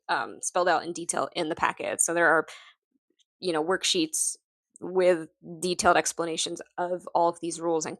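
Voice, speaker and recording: A woman's voice: lowish voice, dry recording. A woman teacher explaining her lesson packets in a casual, hesitant way with frequent ums. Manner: hesitant, many ums and restarts, light laughs. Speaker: teacher presenting her materials. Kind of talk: casual instructional walkthrough.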